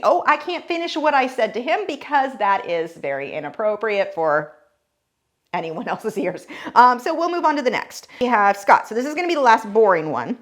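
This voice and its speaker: Wry, lively woman. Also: a little high, moderate pace. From United States. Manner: sarcastic, wry asides. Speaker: art YouTuber. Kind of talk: casual commentary reading scam messages aloud.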